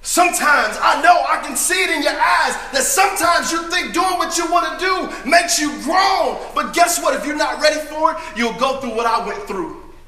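A man performing a dramatic first-person monologue as a brash, boastful young prodigal son, emphatic and often shouting. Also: very high-pitched, normal speed, roomy sound, faint music behind.

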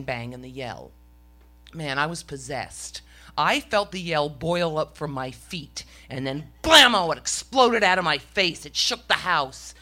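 A woman's voice: lowish voice, sharp tone. A middle-aged woman telling a story on stage to a live audience, with a wry, self-mocking comic delivery.

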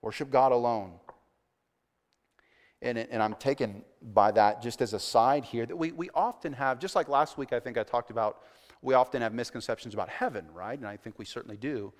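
A man preaching a sermon as pastor, earnest, rising to emphatic swells and dropping to quiet asides. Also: mid-range voice, brisk. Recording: long church reverb.

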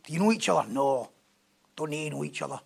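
A preacher voicing sullen men who hate someone, in a deep, flat, muttered grumble. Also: male voice, quick pace, gravelly, slightly rough, exaggerated voice. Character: sullen grown men grumbling about a man they hate.

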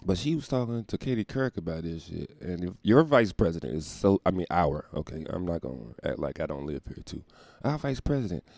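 A man's voice: low-pitched, big pitch swings, brisk, gravelly, a little mellow, no echo, studio quality. A man delivering a casual comedic rant, profane and rambling, often laughing and slipping into mock voices. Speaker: comedic commentator.

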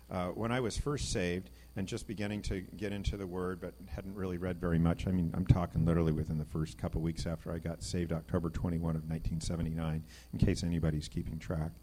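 Animated low-voiced man teaching scripture. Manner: conversational, reads scripture aloud, animated emphasis. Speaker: Bible teacher. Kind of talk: informal sermon.

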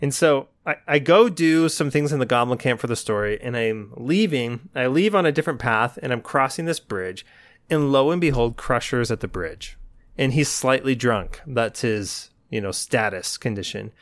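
A man co-hosting a podcast, telling an animated story in casual chat and acting out his own lines. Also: medium pitch, normal speed, no echo. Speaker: podcast co-host.

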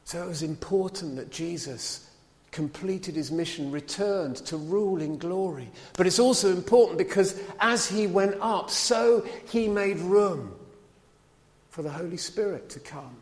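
A man preaching a sermon in a church, lively and chatty, with asides to his listeners. His voice sits a little higher than most men's. A long reverb hangs on it from the hall. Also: unhurried.

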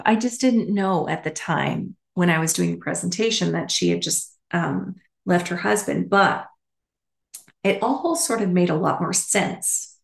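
A woman podcast host telling a personal story in a candid, animated way with casual asides. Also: on the low side, measured pace, creaky, reverberant.

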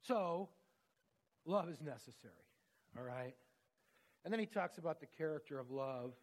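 A man's voice: on the high side, animated, moderate pace. A man preaching a sermon, telling stories in an earnest, conversational way.

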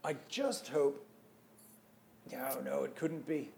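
A man's voice: medium pitch, animated, slow, vocal fry, a little mellow, slight background noise. A man playing a seasoned, weary actor in a comedic audio play, hesitant but reassuring.

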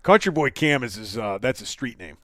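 A man's voice: medium pitch, sing-song, a little fast, a bit bright, dry recording. A man in the middle of his range hosts a loose podcast chat, rambling, joking and cursing offhand. The sound is dry and close, with no room around it. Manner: joking, rambling, swears casually. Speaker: podcast host. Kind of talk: casual chat.

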